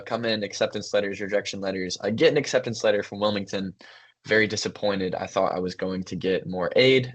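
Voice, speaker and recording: A young man co-hosting a podcast, telling stories in an easy, thoughtful way with frequent pauses and fillers. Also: fairly low pitch, fairly bright tone. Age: young adult. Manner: thoughtful, storytelling, many fillers. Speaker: podcast co-host, son. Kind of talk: casual conversation.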